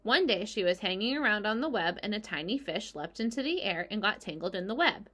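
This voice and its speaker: A woman's voice: mid-range voice, animated, fairly quick, a bit bright. A woman voicing an imaginative young farm girl who insists eagerly on her tales.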